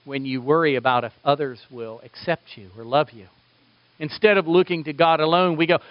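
Male pastor, sermon, fairly high voice, dynamic emphasis, dull dry recording. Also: a little fast, dry recording. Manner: animated, rising emphasis and sudden soft drops.

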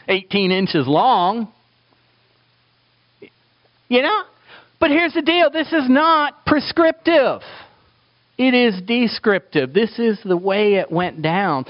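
A man preaching a sermon in an animated way, acting out quoted voices for humor. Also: high voice, highs cut off.

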